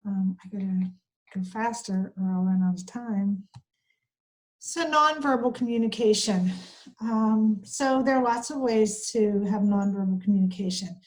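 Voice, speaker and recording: A woman's voice: medium pitch, a little slow, darkish tone, low-quality recording. A woman giving an online training lecture on care communication, talking conversationally and acting out short example dialogues.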